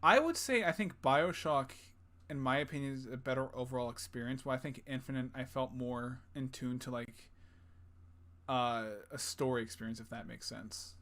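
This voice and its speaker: A man's voice: medium pitch, normal speed, a bit bright. A man co-hosting a gaming podcast in casual chat, rambling with lots of fillers and crude jokes. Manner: rambling, filler-heavy, crude jokey banter. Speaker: podcast co-host.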